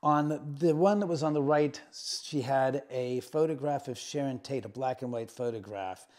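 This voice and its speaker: Guiding visitors around a room, the middle-aged owner of the house speaks at medium pitch and a moderate speed. He shares ghost experiences casually and with energy, dramatizing each quote.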